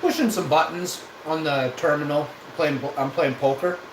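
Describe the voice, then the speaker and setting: A man's voice: a little high, moderate pace. A man, a live streamer telling a casual, rambling and profane story. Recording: echoey room with background noise.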